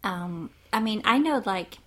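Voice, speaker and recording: A woman co-hosts a relaxed podcast chat in a mid-range voice. She talks hesitantly and thinks aloud, with many fillers and restarts. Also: medium pitch, unhurried. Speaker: podcast co-host. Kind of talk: casual chat.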